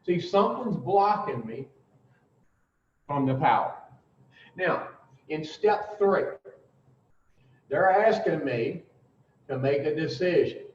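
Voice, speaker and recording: A man teaching the twelve steps of recovery to a group, emphatic and blunt, with long pauses and the odd curse. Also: fairly high pitch, lively intonation. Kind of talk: informal recovery talk to a group. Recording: roomy, distant, dull lo-fi sound.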